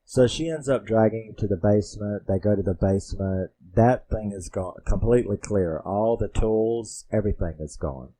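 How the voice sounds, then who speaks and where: A man's voice: lowish voice, moderate pace, hardly any pauses, mellow. A man casually retelling a movie plot, rambling and swearing, acting out the characters' lines. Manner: rambling, profane, acts out quotes. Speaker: movie reviewer.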